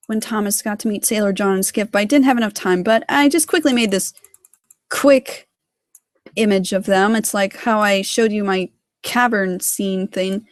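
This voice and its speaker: A woman's voice: medium pitch, no echo, clean studio sound. A woman giving a casual livestream tutorial on her animation work, rambling with lots of fillers. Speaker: hobby sprite animator.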